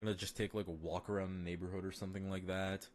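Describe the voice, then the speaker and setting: Male streamer, slightly low voice, casual rambling chat full of fillers, swearing and self-amused laughter. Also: flat delivery, very fast, slight background noise. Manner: rambling and profane, with many fillers and restarts; laughs often at his own jokes.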